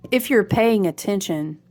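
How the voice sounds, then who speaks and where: A woman talking casually to viewers in a spiritual vlog, animated and chatty, drifting between topics and often breaking into high exclamations. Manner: speaks to viewers as friends, slangy and warm-hearted. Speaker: tarot reader.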